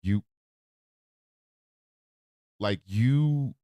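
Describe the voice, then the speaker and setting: A radio host speaks from the heart in a studio, his emotional, profanity-laced monologue erupting into loud outbursts at times. His pitch is fairly low and his pace extremely slow, captured in a dry, dull-sounding recording.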